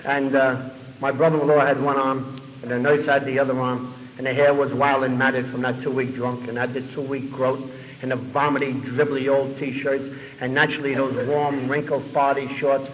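A man telling his recovery story to an audience as a lively, self-mocking comic storyteller, in a dull lo-fi recording. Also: mid-range voice, normal speed. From New York City.

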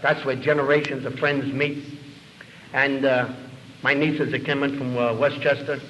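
A man telling his recovery story to an audience as a lively, self-mocking comic storyteller, in a dull lo-fi recording. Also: mid-range voice, moderate pace, slight background noise. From New York City.

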